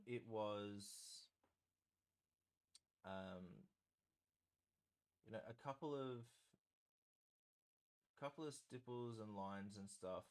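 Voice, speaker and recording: A man hosting a live stream, chatting in a rambling, self-deprecating way while he paints. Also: fairly low pitch.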